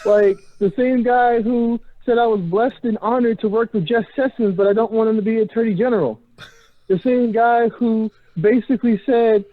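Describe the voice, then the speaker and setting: A man from Carolina calling into a live show, talking in a casual, animated and exasperated way, laughing as he talks. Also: very high-pitched, normal speed, dry recording. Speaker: caller. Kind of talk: casual phone-in chat. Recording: tinny phone line.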